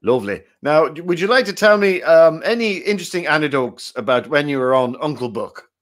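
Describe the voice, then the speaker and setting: A man's voice: a little high, animated, a little fast, a bit bright. A man doing a jovial old dead game-show host. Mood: chummy. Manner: chummy, rambling, self-mocking banter. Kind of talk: comic improvised game show.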